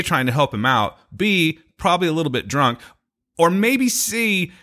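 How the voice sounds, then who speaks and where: A man co-hosting a podcast, telling a long story in casual chat, acting out the people he quotes, swearing and laughing. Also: fairly high pitch. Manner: animated, acts out quoted voices, swears, laughs. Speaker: podcast co-host.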